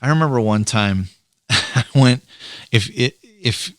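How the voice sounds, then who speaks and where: A man's voice: medium pitch, animated, slow, fairly bright tone, smooth, no echo. A man hosting a podcast, a chatty storyteller talking casually about fatherhood. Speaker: podcast host, father of three girls. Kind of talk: casual chat.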